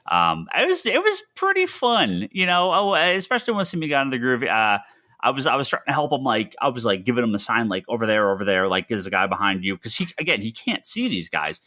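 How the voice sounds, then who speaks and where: A man co-hosting a podcast tells a story with animated energy, his voice swinging widely in pitch. His tone is bright, and he often restarts his sentences. The talk is loose and casual. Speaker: podcast co-host. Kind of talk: casual chat.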